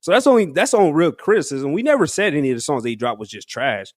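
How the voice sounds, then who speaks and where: A man's voice: on the high side, very animated, very fast, no echo, studio quality. Slangy laughing podcast man. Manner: slangy, laughs often, rambling restarts. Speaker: podcast co-host. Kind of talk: casual music review chat.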